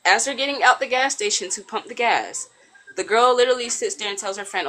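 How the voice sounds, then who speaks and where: Woman storyteller, somewhat high voice, animated, lots of ums. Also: fairly quick. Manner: animated, acts out characters, frequent ums. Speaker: co-host telling a story. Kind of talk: casual storytelling on a live stream.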